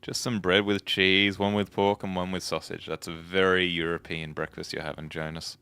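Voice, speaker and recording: A man's voice: low-pitched, level tone, normal speed, bright, forceful tone, clean tone, no room sound. A man giving casual gameplay commentary, chatting and musing aloud to himself as he plays. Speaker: let's play host.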